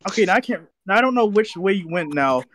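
High-voiced teasing man in a gaming chat. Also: expressive, quick pace, fairly bright tone, no room sound. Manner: teasing and playful, hints and jokes with the others. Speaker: player.

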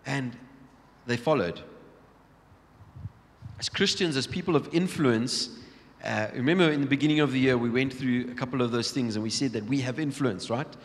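A man's voice: medium pitch, moderate pace, long pauses. Man preaching in a reverberant church. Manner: storytelling, acting out Bible scenes, many restarts. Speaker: pastor. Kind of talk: sermon. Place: large church hall. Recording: long church hall reverb.

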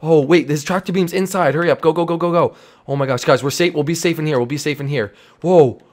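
A young man hosting an improvised game role-play, talking in an excitable, exclamatory, rambling way. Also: a little high, quick pace. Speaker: host.

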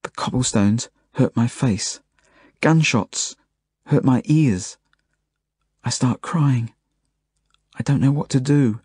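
A man reading an audiobook as a first-person narration, in plain, measured storytelling. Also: medium pitch, darkish tone, husky, no room sound, clean studio sound. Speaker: audiobook reader.

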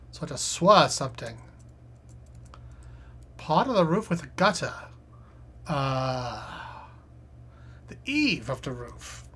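A woman solves a crossword on a live stream, reading each clue aloud and muttering her guesses. Her voice is low and husky. She talks slowly, but her pitch swings widely as she thinks.

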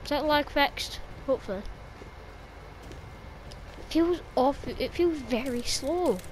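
A young female gaming video creator commentates on her own gameplay, speaking slowly in a high voice over a faint hiss or hum. She exclaims and swears at the game and complains about lag.

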